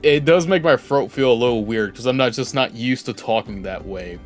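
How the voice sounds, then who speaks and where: A man's voice: medium pitch, moderate pace, faint music behind. A young man streaming a game, rambling casually and joking at himself. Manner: rambling, self-deprecating, reads game text aloud. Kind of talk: casual gameplay commentary.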